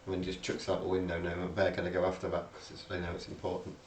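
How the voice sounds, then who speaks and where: In a low, monotone voice that races along, a male film podcast co-host rambles through a movie's story, repeatedly restarting and filling gaps with filler words. The recording feels roomy and distant, with a faint hum of background noise.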